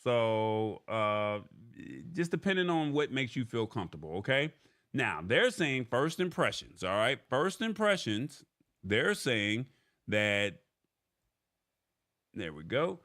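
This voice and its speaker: A man's voice: medium pitch, sing-song, takes it slowly, a bit bright. A man hosting a live-streamed tech news show, paraphrasing an article and explaining it step by step, often checking in with "all right?".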